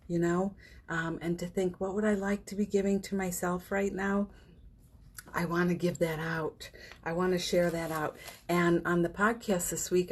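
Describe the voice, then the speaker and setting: Husky woman giving a chatty spiritual talk. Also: fairly low pitch. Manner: warm, encouraging, chatty with fillers and laughs. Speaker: host of a daily live session. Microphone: phone or webcam on a live stream.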